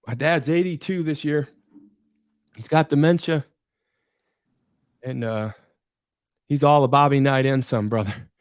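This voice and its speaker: A middle-aged man from Michigan, a podcast guest, telling a story with passion, repeating words for emphasis and pausing for drama. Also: medium pitch, smooth, dry recording, studio quality. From Michigan, USA. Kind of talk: emotional storytelling in conversation.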